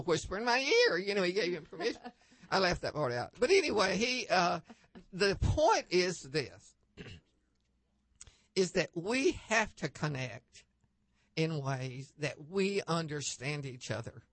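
A woman guest on a faith-based talk show, telling anecdotes with lively upward leaps in pitch and many restarts. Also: unhurried, dry recording. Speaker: guest panelist.

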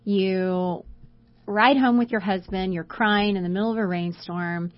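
Woman co-host, interviewer, gentle questions, a bit dull audio. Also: medium pitch, fairly even intonation, a little slow. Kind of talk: interviewing guest.

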